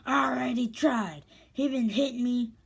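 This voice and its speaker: A woman voicing an angry young woman on meth who talks tough in slow, slurred street slang. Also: fairly high pitch, creaky, breathy edge, voice pushed up. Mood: complaining.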